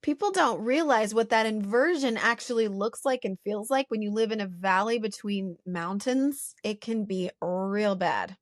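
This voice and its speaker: A woman's voice: medium pitch, moderate pace, hardly any pauses, no room sound, clean studio sound. A woman co-hosting a casual podcast with playful, giggly banter. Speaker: podcast co-host.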